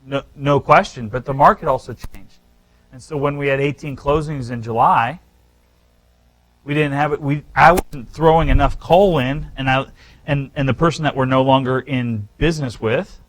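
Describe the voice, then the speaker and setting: A man teaching a live real estate seminar, talking straight to the room with animated, emphatic delivery and frequent restarts. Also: medium pitch, normal speed, poor audio.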